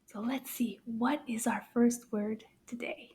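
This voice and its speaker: A woman with a fairly high, fairly even voice leads a kids' French lesson cheerfully and in a sing-song way, speaking slowly and clearly for young learners and sometimes dropping to a soft whisper.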